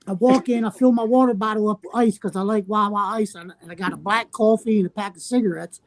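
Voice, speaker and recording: A man on a podcast telling a story in a casual way. He swears constantly and sounds brash and animated. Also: sits high, fast, hardly any pauses, a little hiss or hum. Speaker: podcast regular.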